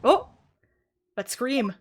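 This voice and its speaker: A woman's voice: sits high, big pitch swings, extremely slow, husky. A woman streamer making amused, laughing asides while playing a game. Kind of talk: casual gameplay reactions.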